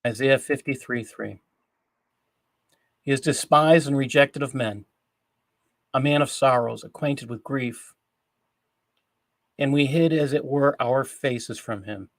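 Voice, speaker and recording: Over a call mic, a man hosting a Christian news show reads scripture and comments on it in an earnest, deliberate way. His voice sits in the mid-range, and the recording is dry.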